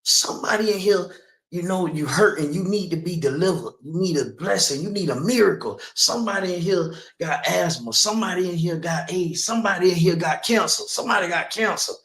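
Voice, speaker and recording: A man's voice: fairly quick, a bit bright, echoey room. A man quoting a fervent faith-healing pastor, calling out the sick in repetitive, exhorting phrases. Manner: repetitive, exhorting, rising pitch. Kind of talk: acted quote within a sermon.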